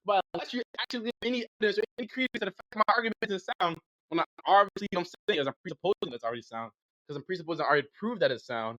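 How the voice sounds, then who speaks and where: Fast, sharp-voiced young man ranting aggressively. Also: high-pitched, expressive, dry recording. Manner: aggressive, insulting, rapid-fire ranting. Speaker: online debater. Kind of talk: heated voice-chat debate. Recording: dull lo-fi voice chat audio.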